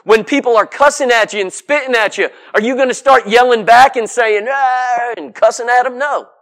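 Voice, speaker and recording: High-voiced man preaching a fervent sermon. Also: fairly quick, fairly bright tone. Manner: emphatic, with rhetorical questions and repeated lists; folksy and direct with the congregation.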